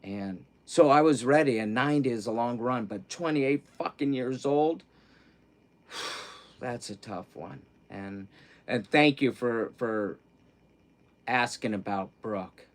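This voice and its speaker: Middle-aged male streamer, mid-pitched voice, casual, rambling, repeats himself, drops to a murmur then bursts out loud. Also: slow pace. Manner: rambling and candid, swinging between hushed grief and loud excitement; self-interrupting, repeats words. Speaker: livestream host. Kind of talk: casual livestream chat.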